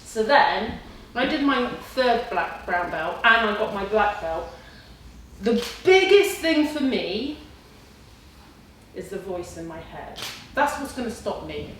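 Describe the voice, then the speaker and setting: A woman in her forties speaks to a class, telling her story with lively acted-out quotes. She stands away from the microphone in a strongly echoing hall with faint room noise behind her. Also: mid-range voice, slow. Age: 40s. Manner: storytelling, animated, acts out her own inner voice. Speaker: kickboxing student giving a talk. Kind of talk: speech to a class. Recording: distant and very echoey with faint ambience.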